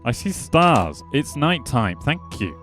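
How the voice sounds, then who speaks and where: A man's voice: mid-range voice, very animated, slow, a bit bright, soft background music. A man giving casual, rambling gameplay commentary as a streamer, chatting back to his viewers with playful jabs. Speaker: gaming streamer.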